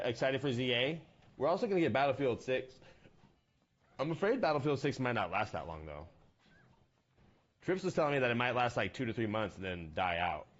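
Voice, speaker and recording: Young male streamer, joking and rambling, average pitch, slightly muffled mic. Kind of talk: casual gaming stream chat.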